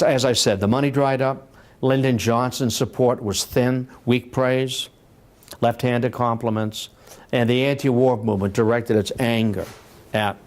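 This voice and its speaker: A man with a mid-range, slightly mellow voice gives a public history lecture in a library. He tells it conversationally, like a story, restarting often and repeating words.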